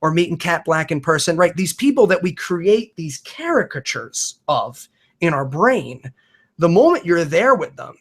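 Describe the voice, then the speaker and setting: A man's voice: on the high side, sing-song, moderate pace, a bit bright. A man, a podcaster and comedian, talking earnestly and emphatically in a casual video-call conversation, swearing freely and often restarting his sentences.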